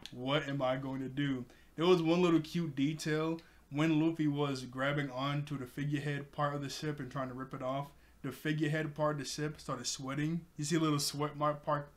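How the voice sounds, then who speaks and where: A man casually recapping an anime episode. He laughs often and keeps correcting himself as he goes. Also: fairly high pitch. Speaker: anime reviewer.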